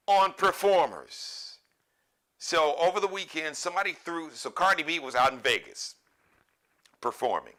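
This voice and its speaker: This is a man hosting a live show in a loose, joking monologue. He wanders off-topic and jumps into sudden animated bursts. His voice is strikingly bright and pitched slightly high. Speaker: show host.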